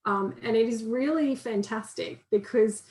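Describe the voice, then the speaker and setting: A woman's voice: on the high side, measured pace, darkish tone, reverberant, rough recording. A woman counsellor giving an informal, conversational training talk and acting out inner voices in quotes. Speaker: counsellor and guest speaker.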